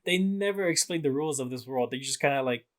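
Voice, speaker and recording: A man co-hosting a casual movie review podcast, rambling and halting, full of fillers. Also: mid-range voice, lively intonation. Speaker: podcast co-host.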